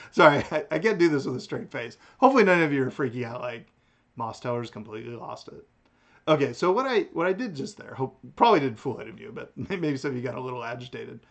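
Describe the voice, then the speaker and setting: A man teaching a philosophy class in a recorded lecture, talking in a lively way with restarts and chuckles. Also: mid-range voice, quick pace, vocal fry. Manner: animated, lively delivery with frequent restarts and chuckles. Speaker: philosophy instructor.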